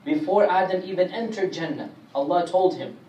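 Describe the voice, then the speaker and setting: A man teaching a Quran commentary class, speaking emphatically and reciting Arabic verses rapidly. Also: high-pitched, warm tone, highs cut off. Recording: echoey room, distant mic, faint hiss.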